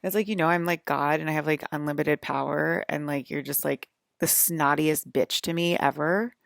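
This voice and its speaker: Low gravelly rambling woman. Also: fairly even intonation, moderate pace, dry recording, studio quality. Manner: rambling, heavy use of "like", swearing, agitated. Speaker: vlogger. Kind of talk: rambling monologue to camera.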